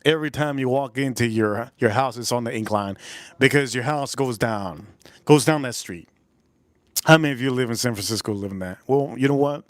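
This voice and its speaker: Dude on a live stream, rambling crude jokes at chat, dry close sound. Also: male voice, medium pitch, no echo.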